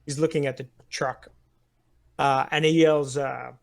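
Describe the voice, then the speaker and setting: A man's voice: medium pitch, level tone, a little slow, creaky. A man narrating a tabletop war game as game master, describing the scene step by step with frequent chuckles. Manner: descriptive, chuckles between lines.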